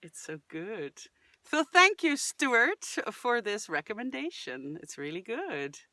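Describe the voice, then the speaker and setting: A woman hosting a singing channel, reacting and giving vocal tips in chatty, enthusiastic talk, sometimes breaking into sudden shouted cries and sung fragments to demonstrate. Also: mid-range voice, big pitch swings, slow.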